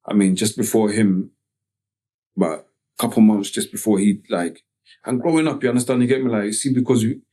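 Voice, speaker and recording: A man from Tottenham with a North London accent, telling a personal story as a podcast guest in slangy, halting speech full of "you get me" tags. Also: lowish voice, dark tone. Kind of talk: casual storytelling interview.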